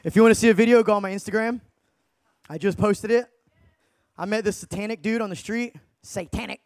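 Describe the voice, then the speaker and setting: High-voiced excitable man telling stories. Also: fairly quick, no echo. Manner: excitable, slangy, laughs mid-story. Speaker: evangelist. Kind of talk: energetic testimony storytelling.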